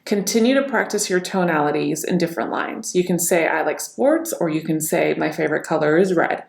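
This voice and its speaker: A woman's voice: sits low, brisk, gravelly, roomy sound. A woman coaching her viewers on facial expressions and tone of voice, talking straight to them in an instructional video. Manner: demonstrates emotions by repeating one line in many tones. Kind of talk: instructional talk to camera.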